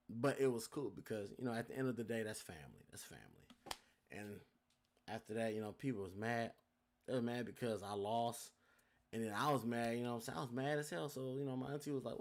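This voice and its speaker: A young man hosting a podcast tells a story casually and animatedly, swearing a lot and speaking straight to his listeners, whom he calls y'all. His voice is on the low side and a little fast.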